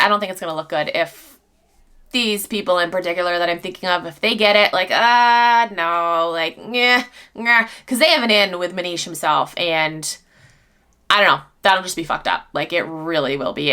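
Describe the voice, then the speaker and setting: A woman's voice: lowish voice, moderate pace, pushed and bright. A young woman vlogger talking casually and candidly, rambling with frequent fillers. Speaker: reseller vlogger. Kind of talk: casual vlog chat.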